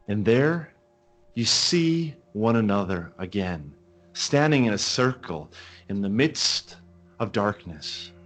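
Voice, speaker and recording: A man with a fairly low voice acts as game master for a tabletop game, narrating the scene slowly and dramatically with long pauses.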